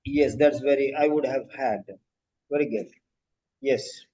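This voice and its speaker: A man teaching a live online lecture, speaking slowly and emphatically, often asking rhetorical questions. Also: mid-range voice, fairly even intonation, dark tone, a little hiss or hum. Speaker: instructor. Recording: dull lo-fi audio.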